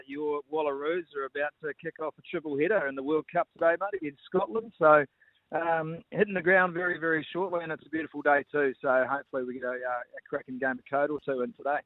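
A man's voice: on the high side, fairly even intonation, fast, no echo. A man from New Zealand, a sports presenter, giving fluent rugby analysis as a guest on a radio show. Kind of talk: sports radio interview on phone line. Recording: tinny phone line.

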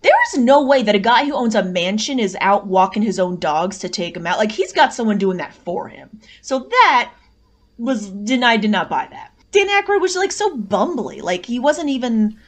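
A woman's voice of middle pitch, chatting as a guest on a movie podcast. She talks in an animated way, often saying "like", and acts out lines from the film. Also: moderate pace. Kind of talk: casual movie review chat.

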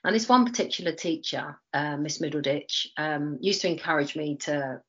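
Woman, 40s, low voice, lively anecdotal storyteller, slightly muffled recording. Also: normal speed. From East London, England. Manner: animated storyteller, acts out quoted voices, frequent restarts. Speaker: interview guest, former Olympic athlete. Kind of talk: casual storytelling interview.

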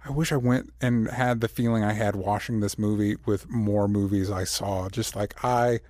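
A man co-hosting a casual movie review chat, talking eagerly in halting bursts full of fillers and restarts. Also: fairly low pitch, fairly even intonation, a little mellow, no echo, studio quality. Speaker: movie review podcast co-host.

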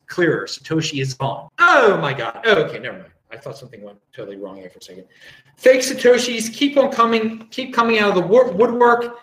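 A man's voice: high voice, expressive, fast, reverberant, poor audio. A man hosting a casual live-streamed show, rambling and chatty as he reads out viewer comments. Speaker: show host.

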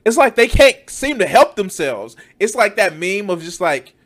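A man's voice: sits high, big pitch swings, moderate pace, few pauses, fairly bright tone. A man giving heated, profane reaction commentary, mocking and swearing often.

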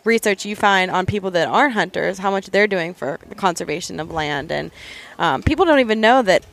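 A woman's voice: on the low side, expressive, brisk, gravelly. A young woman, a guest on a podcast, talking casually in an upbeat, chatty way. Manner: chatty, upbeat, laughs often. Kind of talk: casual interview chat.

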